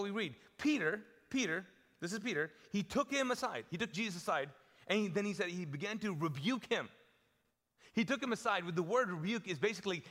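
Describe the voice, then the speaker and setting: A man's voice: sits high, fairly bright tone, in a large hall. A man preaching a live sermon as a pastor, talking casually and acting out the lines he quotes. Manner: conversational, playful, acts out quotes with shifting tone. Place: church auditorium.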